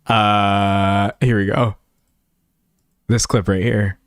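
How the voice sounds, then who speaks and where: A young man in casual reaction commentary, talking in quick emphatic bursts as he reacts to clips. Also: lowish voice, clean tone, dry recording, studio quality. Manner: animated, talks fast in bursts, emphatic.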